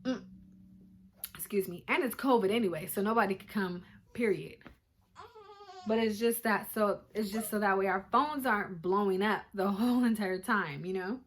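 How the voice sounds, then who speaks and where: A woman's voice: medium pitch, moderate pace. A young woman casually telling her birth story to viewers, chatty and emotional, recorded on a phone at home. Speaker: vlogger. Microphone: phone camera.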